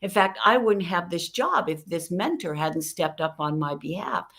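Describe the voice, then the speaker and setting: A middle-aged woman teaching communication, lively, acting out both sides of conversations as examples. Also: lowish voice, moderate pace. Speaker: guest communication expert. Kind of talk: animated teaching with acted-out dialogue.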